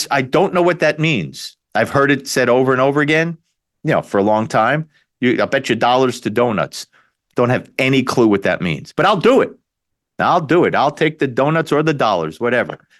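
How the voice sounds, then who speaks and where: A man hosting a talk radio show, delivering an opinionated, sarcastic political monologue with frequent restarts. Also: mid-range voice. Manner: animated, sarcastic, repeats himself and restarts.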